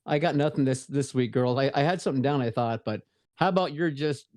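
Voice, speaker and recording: A man's voice: medium pitch, brisk, a little mellow, dry recording, studio quality. A man co-hosting a casual podcast, easygoing and joking as he greets chat viewers by name. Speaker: podcast co-host.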